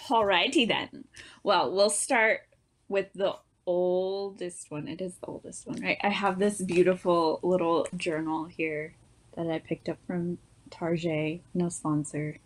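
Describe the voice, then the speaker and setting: Low-voiced chatty young woman guest. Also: fairly even intonation, a little slow. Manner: chatty, rambling, laughs through stories. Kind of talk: casual chat.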